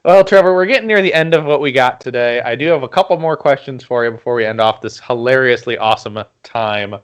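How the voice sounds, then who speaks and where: A man's voice: animated, fast, smooth. A man hosting a casual podcast, mostly murmuring short agreements and chiming in with jokes. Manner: brief murmured agreements, low-key. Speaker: podcast host.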